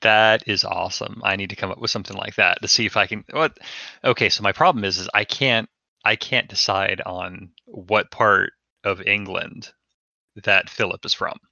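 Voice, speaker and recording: A man hosting a casual podcast chat, relaxed and conversational, asking his co-player questions. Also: fairly low pitch, normal speed, creaky, dry recording, dull audio. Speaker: podcast host.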